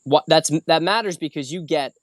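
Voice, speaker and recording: A man's voice: a little high, moderate pace, no room sound. A young man hosting a casual solo video, chatting about an upcoming trek and then teaching a wine lesson, a little tired and rambling with many restarts. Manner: rambling, self-correcting, conversational teaching. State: a little tired after a long hike. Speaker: host.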